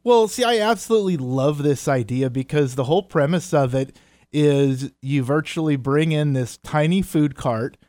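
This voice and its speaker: A man's voice: a little high, moderate pace, darkish tone, no room sound, clean studio sound. A man co-hosting a radio show in casual chat, earnest and reading out date facts. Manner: earnest, reads date facts, talks about community. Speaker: radio co-host.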